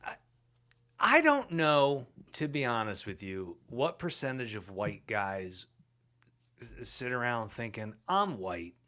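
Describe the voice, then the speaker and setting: A man co-hosting a comedy podcast, riffing loudly in casual chat. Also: mid-range voice, takes it slowly. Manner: animated, riffing, jumps into silly voices. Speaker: podcast co-host.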